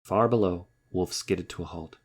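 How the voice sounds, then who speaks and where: A man reading a children's storybook aloud in a wry, lively storytelling manner. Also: sits low, normal speed, breathy edge. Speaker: narrator.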